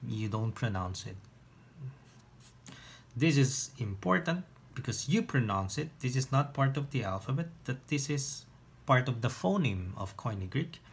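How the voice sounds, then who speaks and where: A man teaching an online lesson, explaining step by step with patient pauses and restarts. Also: mid-range voice, animated, gravelly, slightly rough. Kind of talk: online lesson on reading biblical Greek.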